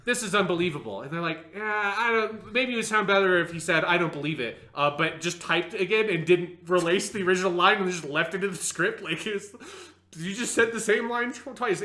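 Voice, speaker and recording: A man co-hosting a casual review chat, his voice bright and forceful. He rambles and hesitates with many fillers and restarts. The room around him is echoey. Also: fairly high pitch. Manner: rambling, hesitant, lots of fillers, mocking impressions. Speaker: podcast co-host.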